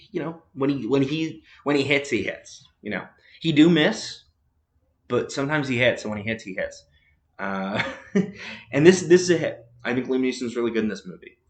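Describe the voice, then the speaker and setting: A man's voice: medium pitch, reverberant. A man casually chatting about movies as a podcast host, rambling with many fillers and restarts.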